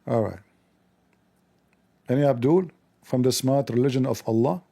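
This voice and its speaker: Man, livestream host, gravelly, very dark tone, sarcastic comic rant. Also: medium pitch, moderate pace. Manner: sarcastic, mocking, acts out dialogues. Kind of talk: mocking comedic monologue.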